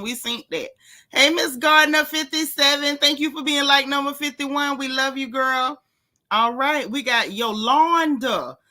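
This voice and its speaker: A woman hosting a live stream, chatting casually and greeting viewers by name with lively, swooping pitch.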